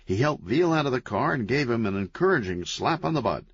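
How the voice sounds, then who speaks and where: Lively husky male audiobook narrator. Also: medium pitch, fairly quick. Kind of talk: scripted narration. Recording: dull, lo-fi, dry.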